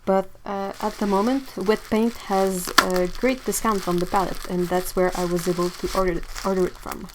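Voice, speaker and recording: An excitable woman hosts a live art-supply unboxing and chats straight to her viewers. Her voice sits in a middle pitch. A faint background noise runs under her voice. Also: moderate pace, hardly any pauses. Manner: excitable, chatty, talks to live chat. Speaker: art channel host. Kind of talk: live-stream unboxing chat.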